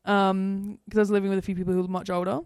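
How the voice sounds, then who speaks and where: A woman's voice: mid-range voice, flat delivery, rapid-fire, a little mellow, smooth, no room sound, clean studio sound. A young woman co-hosting a podcast, chatting casually in a rambling way and laughing often. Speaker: podcast co-host. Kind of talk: casual chat.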